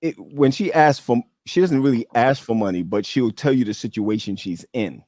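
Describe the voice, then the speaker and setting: A man in his forties hosting a casual chat, animated and emphatic, repeating key words. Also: mid-range voice, normal speed, dry recording, studio quality. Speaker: host.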